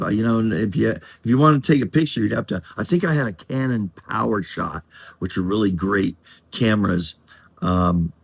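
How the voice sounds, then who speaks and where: A man's voice: mid-range voice, vocal fry, dry recording. An older man from Colorado tells a story in a loose, rambling way, chuckling as he goes and putting on drawling voices for the people in it. His voice rises and falls a lot. The sound is close and dry, with no room around it. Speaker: channel host. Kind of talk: casual storytelling to camera.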